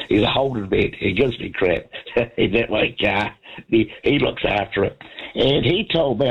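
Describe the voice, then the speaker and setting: A man's voice: on the low side, breathy edge. A man, a congested voice and a rambling, chatty manner, calling in to a radio show. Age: 70s. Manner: chatty, meandering, many restarts. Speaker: radio caller. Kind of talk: rambling casual phone chat. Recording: dull lo-fi radio phone line.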